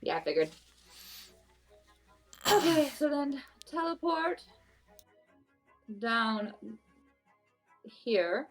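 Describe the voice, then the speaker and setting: A woman playing in a tabletop game, chatty and quick to giggle. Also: sits high, sing-song, soft background music. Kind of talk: casual play at the table.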